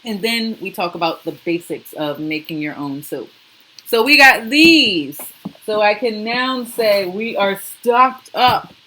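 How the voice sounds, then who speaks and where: A woman's voice: mid-range voice, a bit bright, poor audio. A woman hosting a casual live stream, chatting and greeting viewers by name. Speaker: soap maker and live-stream host.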